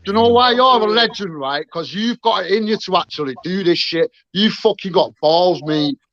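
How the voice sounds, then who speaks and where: A man's voice: high-pitched, moderate pace, a bit bright, slight background noise. Combative English man on a muffled call. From England. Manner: combative, swears often, repeats "mate". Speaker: livestream guest. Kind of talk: heated casual argument.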